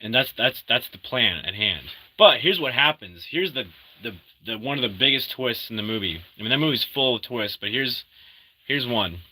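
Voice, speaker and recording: A man casually retelling a movie plot in an animated way, acting out the characters' lines and often restarting his sentences. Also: medium pitch, moderate pace, poor audio. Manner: animated storyteller, acts out quotes, many restarts. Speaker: movie recap host. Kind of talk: casual spoken movie recap.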